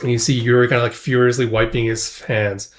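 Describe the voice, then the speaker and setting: A man's voice: medium pitch, level tone, a little fast. Casual man retelling a comic chapter. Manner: loose retelling, frequent "it's like" and fillers. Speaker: comic chapter recap host. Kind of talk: casual chapter read-through.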